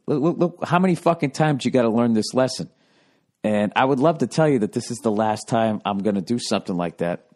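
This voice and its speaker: A man with a fairly low voice talks through a long, rambling story on his own podcast. He swears freely and keeps breaking off to do high, mocking impressions of the people in his story. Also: darkish tone. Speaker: podcast host. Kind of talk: casual storytelling monologue.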